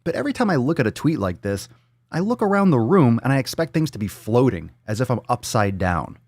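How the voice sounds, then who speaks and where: A man's voice: mid-range voice, big pitch swings, brisk, a little mellow, slightly rough, dry recording. A man hosting a daily livestream podcast, ranting in a fiery, profane way. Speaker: host.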